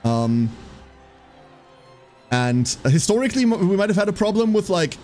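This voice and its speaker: A German-accented man streams a game and chats with his viewers in a chatty, jokey way, swinging his fairly high voice up and down with real liveliness. He breaks into excitable race commentary, and faint game music plays behind him. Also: normal speed. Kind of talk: casual gaming stream chat.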